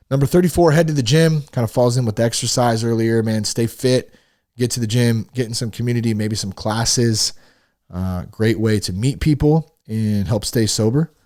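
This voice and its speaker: A man hosting a casual solo podcast, reading a list of tips and commenting on each one in an animated, profane, buddy-like way. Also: lowish voice. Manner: animated, swearing, talks to listeners as "dude". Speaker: podcast host.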